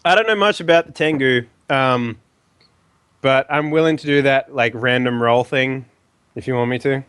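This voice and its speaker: Relaxed hesitant player man, dry sound. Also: medium pitch, moderate pace, smooth, dry recording. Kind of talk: casual tabletop game chat.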